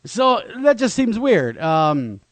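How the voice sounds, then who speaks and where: A man's voice: sits high, slow pace, no room sound. Playful guy co-hosting a radio show, voice bouncing all over, dry studio sound. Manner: animated, laughing, playful storytelling. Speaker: radio co-host. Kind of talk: casual talk radio banter.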